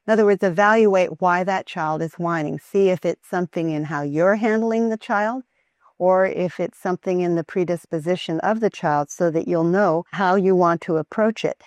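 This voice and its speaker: Calm, earnest woman with a lower voice, giving a practical parenting lesson; dry, close sound. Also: normal speed, dry recording. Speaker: mother teaching parenting. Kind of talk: instructional talk on Christian child training.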